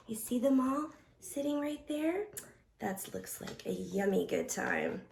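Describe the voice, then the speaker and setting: A high-voiced woman librarian reading a picture book aloud to children at an unhurried pace. She reads expressively and playfully. Her voice carries a roomy echo. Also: big pitch swings, creaky. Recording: echoey room.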